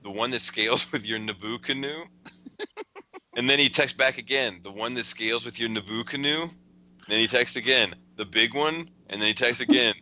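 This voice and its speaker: A man's voice: mid-range voice, normal speed, sharp tone, a little hiss or hum, poor audio. A man hosting a casual podcast, chuckling as he rambles through a friend's text messages. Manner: chuckling, rambling storyteller with restarts. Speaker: podcast host.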